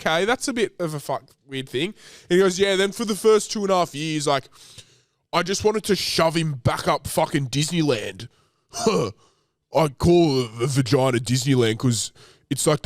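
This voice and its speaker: A man's voice: medium pitch, dry recording, clean studio sound. A young man, co-hosting a podcast in casual, crude, rambling chat full of slang. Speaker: podcast co-host.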